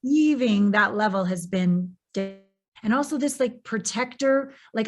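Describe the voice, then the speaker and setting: A woman's voice: mid-range voice, expressive, measured pace. A woman hosting a podcast interview, talking in an effusive, searching way as she shares and asks questions. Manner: effusive and searching, full of "like" and restarts. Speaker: podcast host. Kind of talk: casual interview conversation.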